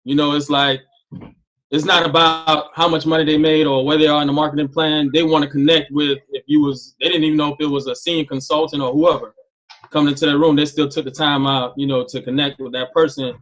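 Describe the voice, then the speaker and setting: A man's voice: on the high side, flat delivery, a little fast, fairly bright tone, lo-fi sound. A man giving a reflective, conversational testimonial on a group call, with lots of filler words. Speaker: team member sharing on a call. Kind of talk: casual testimonial share.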